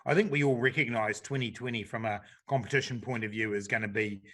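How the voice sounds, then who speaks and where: A middle-aged man talks fast in a mid-range voice while answering panel questions as a government minister. He keeps it relaxed and chatty, using lots of fillers.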